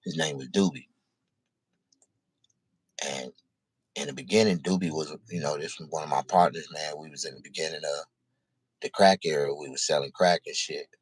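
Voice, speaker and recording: A man telling a personal story in casual, profane speech, halting and repeating himself. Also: very deep voice, steady tone, slightly rough, no room sound.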